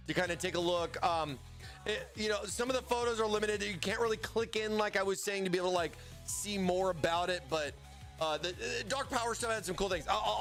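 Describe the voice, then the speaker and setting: A livestream host chats casually about a product in a high-sitting, fairly bright voice. He rambles, stammering often and repeating words.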